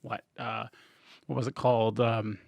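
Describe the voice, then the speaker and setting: A man co-hosting a podcast in casual chat, dropping dry, deadpan quips. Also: mid-range voice, unhurried, creaky, no room sound. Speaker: podcast co-host.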